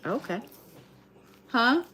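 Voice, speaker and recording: A woman's voice: a little high, very animated, extremely slow, bright, forceful tone, a little hiss or hum. A woman giving a live tarot reading in a casual, chatty way, swearing freely. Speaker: tarot card reader.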